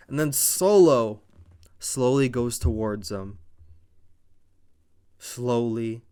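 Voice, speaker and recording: A man with a smooth, resonant voice at an ordinary middle pitch recaps a wrestling show. He tells it blow by blow in an animated, casual way and swears now and then. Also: slow pace, pauses often. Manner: animated, blow-by-blow retelling with profanity.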